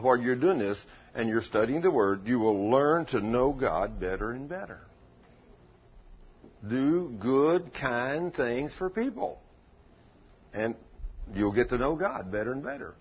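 Husky, animated folksy preacher. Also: male voice, mid-range voice. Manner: folksy storytelling, rhetorical questions. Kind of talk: sermon. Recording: lo-fi dull recording.

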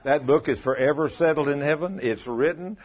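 A man preaching a sermon, telling a story with animated delivery and calling out questions to his congregation. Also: on the high side, brisk, muffled recording, some chatter behind. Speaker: pastor.

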